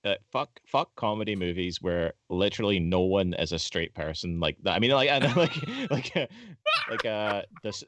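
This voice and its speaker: A man's voice: low-pitched, normal speed, a bit bright. A man co-hosting a casual film podcast, rambling through his opinions with many fillers and swearing. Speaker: podcast co-host.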